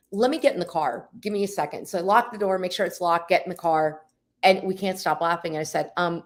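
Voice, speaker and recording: A woman in her forties, a realtor co-hosting a podcast, telling a story in casual chat and calling out to listeners. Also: lowish voice. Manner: animated, addresses listeners as "people". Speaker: podcast co-host.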